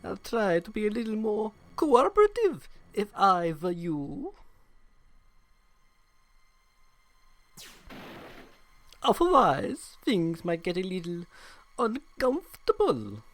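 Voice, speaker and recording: A man's voice: high voice, huge pitch swings, a bit bright, no room sound, pitched above the performer's own voice, heavily acted. Man putting on a sneering German-accented officer. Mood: menacing. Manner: slow, drawn-out, sneering threats. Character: menacing male imperial officer, cold and mocking.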